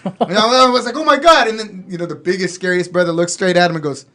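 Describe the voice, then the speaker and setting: A man co-hosting a podcast, telling a story in a rambling, animated way with many restarts. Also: sits high, fast.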